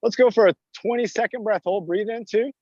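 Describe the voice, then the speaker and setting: A man's voice: high-pitched, brisk, a little mellow, no echo. A man leading a live outdoor workout class as fitness coach, encouraging and talking through each move as he exercises, recorded on a phone in a park. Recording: dull dry lo-fi phone audio.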